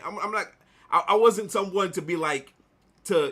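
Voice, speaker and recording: Bright-voiced man rambling through a story. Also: high voice, a little fast, breathy edge. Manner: rambling, animated retelling with repeated "like". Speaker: artist vlogger. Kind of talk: casual storytelling while drawing.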